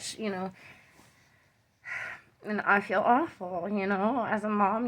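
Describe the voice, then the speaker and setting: A young woman, a mother, telling a personal story to camera in a halting way, full of ums and you-knows. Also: mid-range voice. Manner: soft and subdued, rising when tense.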